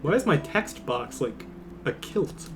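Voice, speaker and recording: A man's voice: on the high side, big pitch swings, a little slow. A goofy young man streaming gameplay commentary, sarcastic, swearing and laughing often. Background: game music.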